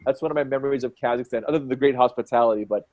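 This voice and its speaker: A man in his forties, a fight commentator guest, telling stories in an excitable, quick way and acting out what people said. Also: mid-range voice, dull audio. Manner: excitable, quick storyteller who acts out quotes. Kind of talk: animated storytelling in conversation.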